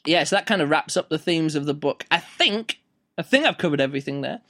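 High-voiced, rambling male book reviewer. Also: animated, fairly quick, a bit bright. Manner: rambling and playful, full of fillers.

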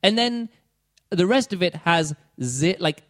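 A man with a notably high voice chats casually as a podcast co-host. His talk rambles, full of fillers, restarts and sudden mocking impressions of other people. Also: expressive, a little slow, fairly bright tone. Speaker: podcast co-host reviewing a book. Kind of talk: casual chat.

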